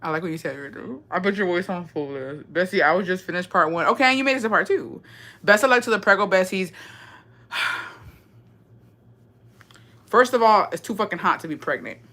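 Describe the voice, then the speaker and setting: Young woman, deep and a little raspy, bright edge to the tone, casual profane livestream chatter with Spanish slipped in. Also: animated, quick pace. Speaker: livestream host. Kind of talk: casual livestream chat reading comments.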